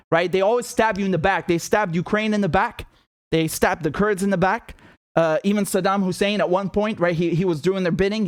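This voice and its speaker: Angry ranting man, high voice. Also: no echo, studio quality. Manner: angry, ranting, profane, repetitive. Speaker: political commentator host. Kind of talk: impassioned monologue.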